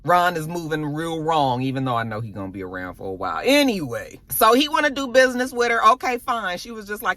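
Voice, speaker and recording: A woman recapping a TV episode in a casual vlog, telling it with slangy asides and animated delivery. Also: lowish voice, fairly quick, few pauses, no echo. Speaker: TV episode reviewer.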